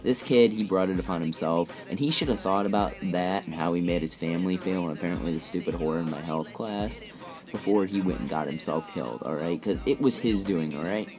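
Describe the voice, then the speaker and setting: A teenage boy with a fairly low voice delivers a heated, swear-filled rant as commentary over gameplay. He talks straight into the mic while faint music plays behind him. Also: fairly quick. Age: teens. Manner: profane, heated ranting. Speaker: gaming commentator.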